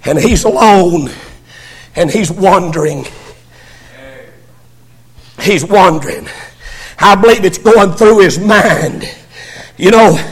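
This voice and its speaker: An older man preaching a sermon as pastor, fervent, swelling into shouts and stammering restarts. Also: high-pitched, expressive, slow pace, long pauses, husky, in a large hall.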